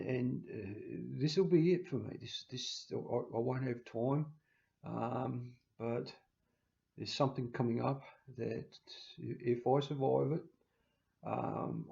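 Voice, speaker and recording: Gravelly man, halting and emotional. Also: mid-range voice, warm tone. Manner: halting, with frequent restarts and stammers. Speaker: channel host. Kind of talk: casual farewell vlog. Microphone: handheld camera. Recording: slightly dull lo-fi recording.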